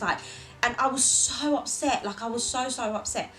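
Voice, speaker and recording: Speaking fairly quickly in a fairly high voice, a young vlogger tells a personal story in a casual chat to camera, voicing other people's lines with animation. The audio is poor, and faint music plays behind her.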